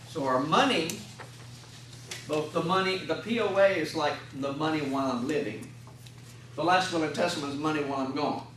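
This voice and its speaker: A folksy man lectures a class on chaplaincy, slipping into little acted scenes of patients and families. His voice sits a touch high for a man. It echoes around a classroom, picked up from some distance with faint room ambience behind. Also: fairly bright tone, a little hiss or hum. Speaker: hospital chaplain instructor.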